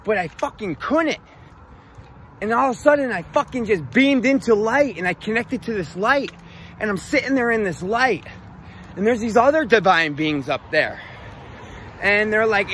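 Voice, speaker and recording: A man telling a rambling personal story in a casual, profane, animated way. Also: high-pitched, a little hiss or hum.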